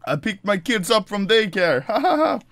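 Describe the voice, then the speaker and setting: Excitable joking man with a lively pitch. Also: normal speed. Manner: excitable, joking, loud outbursts. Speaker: host. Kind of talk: casual gaming commentary.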